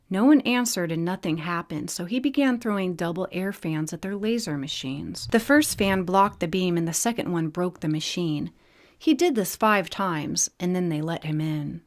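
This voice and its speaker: A woman narrates a fantasy audiobook in a plain, steady reading style. Her voice sits on the low side for a woman. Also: normal speed. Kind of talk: storybook reading.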